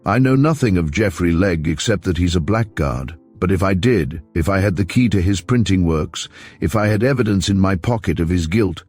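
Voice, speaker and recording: A man voicing a principled middle-aged father who answers sharply and with emphasis, in a deep voice. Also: lively intonation, moderate pace, darkish tone, faint music behind. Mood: firm.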